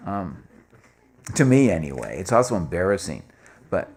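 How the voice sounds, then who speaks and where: A man's voice: low voice, sing-song, moderate pace, darkish tone. An older man giving an informal talk, rambling with many fillers and restarts and acting out the voices of people in his stories.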